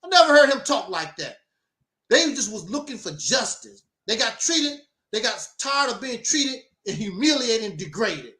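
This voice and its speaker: A man's voice: extremely high pitch, very animated, normal speed, sharp tone, roomy sound. A man hosting his own talk program, delivering an emphatic, preachy monologue with mocking asides. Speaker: host. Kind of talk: opinionated talk show monologue.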